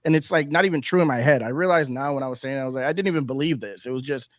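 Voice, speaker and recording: Animated man agreeing with "yep". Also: mid-range voice, very fast, no room sound, studio quality. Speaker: podcast guest. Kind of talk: casual chat.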